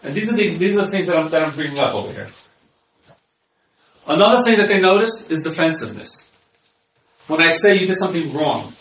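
A man's voice: a little high, animated, fairly quick, pauses often, a bit bright, a little hiss or hum. A man counseling on marriage in a conversational lecture, often repeating words as he restarts and acting out bits of example dialogue. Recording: echoey room, mic at a distance.

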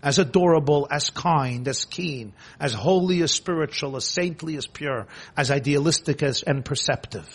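Male preacher, husky voice, fairly high pitch, impassioned, repetitive sermon style. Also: moderate pace, hardly any pauses. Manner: impassioned, repetitive, swings between hushed and loud.

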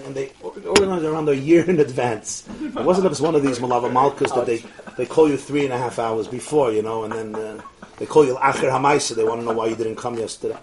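A man giving an animated storytelling sermon, acting out the dialogue and often laughing. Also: medium pitch. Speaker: rabbi lecturing.

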